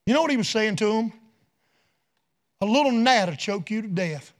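High-voiced folksy preacher. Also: male voice, expressive, normal speed. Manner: folksy, swings between soft asides and loud shouted peaks. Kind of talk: revival sermon with storytelling.

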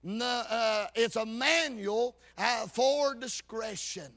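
A man preaching a fervent sermon, his lines rising into half-sung, shouted peaks. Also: very high voice, slow.

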